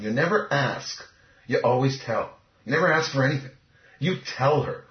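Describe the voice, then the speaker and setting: Fast-talking cocky man, echoey lo-fi. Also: medium pitch, animated. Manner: cocky, emphatic, confident. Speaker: dating coach. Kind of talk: casual interview talk. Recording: echoey, muffled lo-fi recording.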